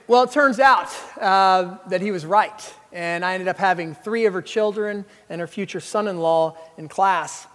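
A man in his thirties delivers a sermon with a high, bright-pitched voice. He mixes humorous stories with emphatic preaching. The sound carries the long reverb of a large hall. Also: normal speed, few pauses. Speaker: pastor.

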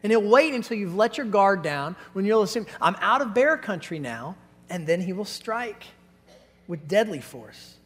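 A middle-aged male pastor with a notably high voice delivers a sermon in a large church hall whose sound rings with a long reverb. He tells stories with animation and slips into the voices of the people he quotes. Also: lively intonation, moderate pace, fairly bright tone.

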